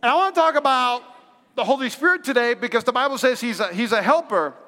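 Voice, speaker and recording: A man's voice: very high-pitched, fast talker, sharp tone. A male pastor in his thirties preaching a sermon and telling a personal story in a chatty way, full of fillers and restarts. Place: large church hall. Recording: long hall reverb.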